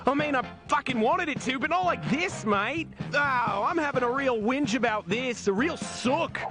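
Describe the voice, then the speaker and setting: A man's voice: extremely high pitch, lively intonation, normal speed, music in the background. A man voicing a boastful, crude male cartoon kangaroo villain with an Australian accent, swearing and whining. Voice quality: brash, swearing, whiny. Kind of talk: cartoon voice acting.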